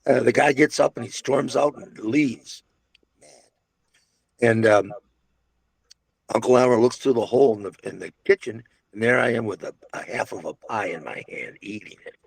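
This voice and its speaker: A man's voice: mid-range voice, normal speed, vocal fry, breathy edge, no echo. An older man reminiscing casually about his restaurant days, a rambling storyteller full of restarts and asides. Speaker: interviewee recalling restaurant days.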